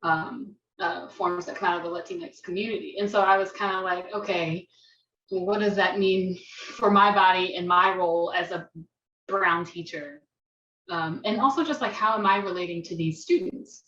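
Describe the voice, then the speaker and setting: A woman's voice: fairly low pitch, normal speed, bright, forceful tone, slight background noise. An American woman, a dance teacher, thoughtfully recounting her experience on a video-call forum, often restarting her sentences. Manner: thoughtful, restarts, laughs self-consciously. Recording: roomy, distant, dull video-call audio.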